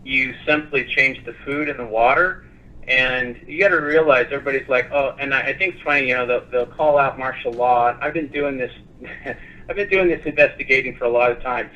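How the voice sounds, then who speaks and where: A man appearing as a guest on a talk show, speaking in a passionate, animated way. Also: mid-range voice, fairly quick, muffled recording. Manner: passionate, animated, lively storytelling.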